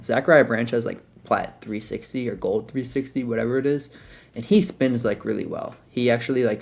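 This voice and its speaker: A young man talks through his football video game plays in an easygoing, rambling way, full of fillers and restarts. His voice has a gravelly edge and sits at an ordinary pitch. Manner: relaxed, rambling, filler-heavy breakdown of plays. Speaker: gaming content creator. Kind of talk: casual gameplay commentary.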